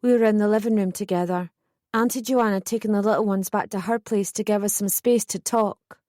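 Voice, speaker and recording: A woman reading a first-person audiobook in measured, steady scripted narration. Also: mid-range voice, no echo, studio quality.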